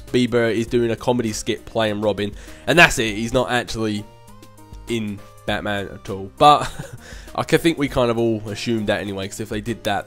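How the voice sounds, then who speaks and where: A man's voice: mid-range voice, a bit bright. Chatty young guy answering questions. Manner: chatty, rambling, laughs often, with filler hums. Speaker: YouTube channel host answering viewer questions. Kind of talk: casual Q&A chat.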